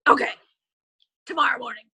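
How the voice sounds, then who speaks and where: A woman voicing a curt, gruff elderly male talk-show host while telling a story on a video call. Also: fairly quick, pushed and bright, no echo.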